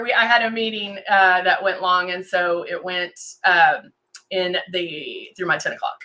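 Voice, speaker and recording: On a live-stream makeup tutorial recorded through a desk camera and monitor setup, a woman with a lowish voice talks in a sharp tone. Her intonation stays fairly even and her pace runs a little slow as she chats casually, saying um a lot and welcoming viewers by name as she goes.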